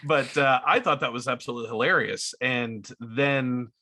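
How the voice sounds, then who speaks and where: Brief: male podcast host, keen fan, forceful bright tone. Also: medium pitch, moderate pace. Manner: eager fan, setting up questions. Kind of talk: casual podcast interview.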